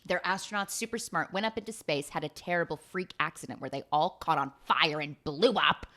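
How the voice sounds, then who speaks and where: A woman's voice: low voice, fairly quick, a bit bright. A woman in her late twenties doing a rambling, profane, self-mocking comedic monologue. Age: 20s. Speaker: comedian host.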